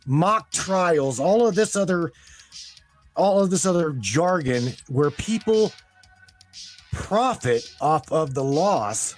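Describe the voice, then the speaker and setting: A man's voice: fairly high pitch, expressive, slow, no echo, soft background music. A man hosting a call-in show, emphatic and often stammering, sympathetic to his guest. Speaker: host.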